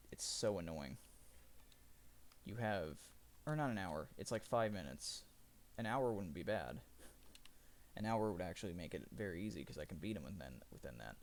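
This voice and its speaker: Deep-voiced, a man streams live and rambles casually about a video game, correcting himself mid-sentence again and again. Slight background noise sits under the audio.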